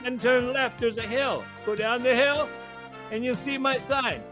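A man voicing a brash small-town snowmobile dealer shouting a homemade ad, high and loud. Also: steady tone, a little slow, over music. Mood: hokey, excited. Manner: shouty hokey sales pitch.

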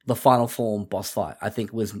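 A man's voice: fairly low pitch, steady tone, moderate pace, darkish tone, breathy edge. A man hosting a casual gaming podcast, rambling through fillers and laughing often. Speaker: podcast host.

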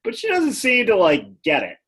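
A man's voice: high-pitched, huge pitch swings, moderate pace, a bit bright, breathy edge. A man co-hosting a casual podcast chat, recapping with wry, sarcastic asides. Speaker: podcast co-host.

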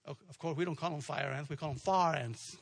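A man's voice: on the high side, a little fast, gravelly. A man preaching a sermon, telling a story and building to emphatic, repeated declarations. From South Texas. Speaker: pastor.

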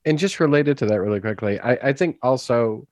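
A man with a mid-range voice talks in a loose, joking way, blunt and quick to laugh at himself. He speaks as a player on a gaming podcast. The sound is dry and close. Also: medium pitch, animated, darkish tone, dry recording. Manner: joking, blunt, self-mocking. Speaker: tabletop game player. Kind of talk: casual podcast chat.

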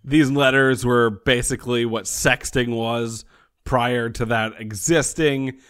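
A man's voice: medium pitch, fairly even intonation, takes it slowly, a bit bright, clean tone. A man co-hosting a podcast, trading wry, teasing banter while recapping a TV episode. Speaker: podcast co-host. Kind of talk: casual chat, episode recap.

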